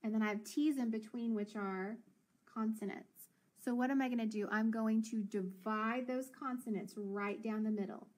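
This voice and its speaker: A woman teacher leading a children's phonics lesson, encouraging and sounding out words slowly. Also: on the high side, steady tone.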